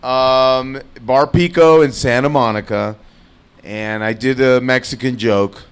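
A man's voice: mid-range voice, unhurried, smooth. A man, a stand-up comedian, telling a fight story on a live podcast, acting out the voices and swearing freely. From Latino. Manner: animated, acts out both sides of the story, swears freely. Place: bar stage at a comedy festival, live audience.

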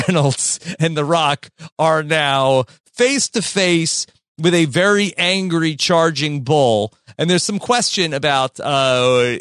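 Halting, slightly high-voiced podcast man. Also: fairly bright tone, no echo, studio quality. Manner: halting, many fillers, chuckles often. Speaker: podcast host. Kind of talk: casual chat.

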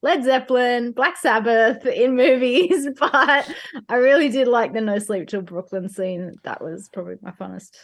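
A woman's voice: fairly high pitch, moderate pace. A woman co-hosting a casual film podcast, giggling, swearing casually and poking fun at herself. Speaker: podcast co-host. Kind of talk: casual chat.

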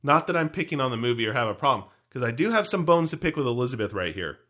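A man co-hosting a casual movie breakdown podcast, animated and playfully swearing. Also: mid-range voice, quick pace. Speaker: podcast co-host.

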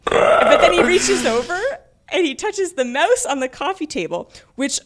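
A woman tells a story on a casual podcast, acting out the quotes with laughter. Her voice sits fairly high and leaps around expressively. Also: normal speed, over a noisy crowd. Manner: lively, laughing, acts out quotes. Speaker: podcast co-host. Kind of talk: casual chat, animated storytelling.

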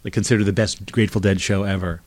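Low-voiced man rambling in a dry room. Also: little pitch movement, fast, darkish tone, dry recording. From New Jersey. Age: 50s. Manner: chatty, digressive, nostalgic. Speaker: podcast host. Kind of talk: rambling solo monologue. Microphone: condenser mic through a mixer.

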